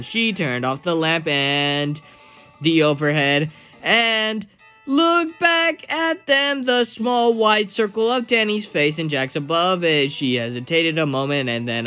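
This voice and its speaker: Bright, crisp male storyteller. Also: high-pitched. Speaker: narrator. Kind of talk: reading a novel aloud. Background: faint music.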